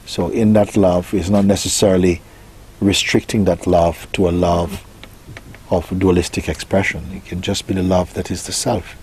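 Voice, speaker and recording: A man giving a spiritual talk, soft-spoken and unhurried, musing gently with pauses as he answers a question. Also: low-pitched, flat delivery, slightly rough. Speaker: spiritual teacher.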